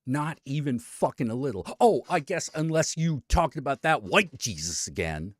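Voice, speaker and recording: Profane, animated male streamer. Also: medium pitch, moderate pace, no room sound, clean studio sound. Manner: profane, blunt, talks to his cat. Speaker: streamer host. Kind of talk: casual live-stream commentary.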